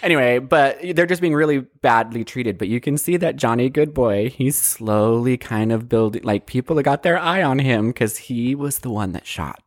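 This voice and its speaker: A woman's voice: extremely low pitch, animated, moderate pace, hardly any pauses, dry recording, studio quality. A woman co-hosting a casual movie recap podcast, swearing freely and laughing often. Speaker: podcast co-host.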